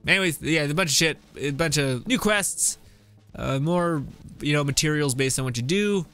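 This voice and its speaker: A man's voice: a little high, normal speed, a bit bright, clean tone, soft background music. A man streaming a casual, rambling commentary on a game update, chuckling often in a wry way. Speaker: gaming streamer.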